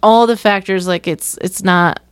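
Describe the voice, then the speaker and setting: A woman chatting casually and giving her opinions in a measured way. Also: mid-range voice, fairly even intonation, smooth, no room sound. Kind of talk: casual chat.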